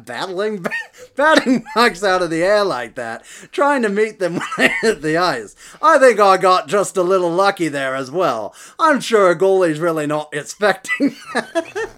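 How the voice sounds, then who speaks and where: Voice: mid-range voice, big pitch swings, normal speed, a bit bright, slight background noise, voice pushed up. Podcaster doing a hammy mock-Australian hockey player. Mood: giggly. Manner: giggly, breaking into laughter.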